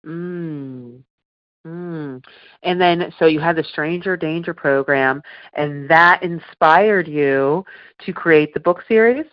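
A woman's voice: low voice, takes it slowly, dry recording, lo-fi sound. A woman hosting an interview, introducing her guest and asking him questions attentively. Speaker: interview host.

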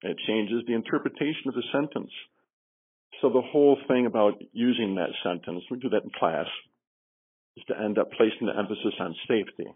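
A middle-aged man with a low, husky voice talks earnestly as a podcast guest, explaining safety training with frequent fillers and restarts. He comes through a tinny phone line. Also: a little fast. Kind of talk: podcast interview answers.

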